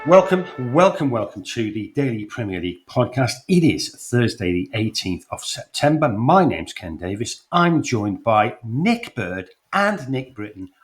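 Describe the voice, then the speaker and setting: A man's voice: mid-range voice, big pitch swings, measured pace, few pauses, soft background music. A man hosting a sports podcast, chatty and jokey, with many fillers and restarts. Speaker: podcast host. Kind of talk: casual sports podcast chat.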